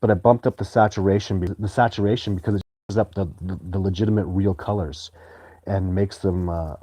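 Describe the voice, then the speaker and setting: Rambling man, mellow low voice. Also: steady tone, brisk, dry recording. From Canada. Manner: rambling, loose and chatty, greeting viewers. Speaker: live-stream host. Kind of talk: casual live-stream chat, reading viewer comments.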